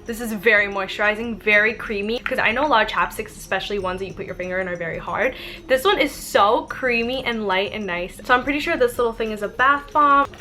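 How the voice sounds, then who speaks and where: A young adult woman YouTuber talks fast in a mid-range, sharp-toned voice over soft background music. She's casually vlogging a product review, gushing in a girly way and saying "like" and "oh my god" constantly.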